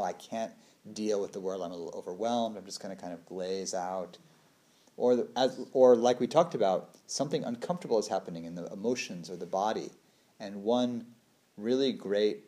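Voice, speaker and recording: Low-voiced man, relaxed meditation talk. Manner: laughs often, acts out little quoted voices. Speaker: meditation teacher.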